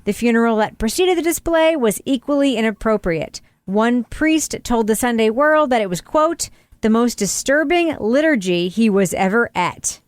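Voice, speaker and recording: A woman hosting a podcast, reading a crime story with wry, deadpan jokes and steering her panel. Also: a little high, moderate pace, no echo. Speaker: podcast host. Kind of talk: scripted crime segment and panel chat.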